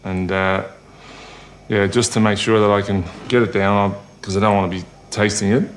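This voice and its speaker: Man, laid-back how-to talk, fairly low voice. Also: moderate pace, a little hiss or hum. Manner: relaxed, matter-of-fact. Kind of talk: casual demonstration.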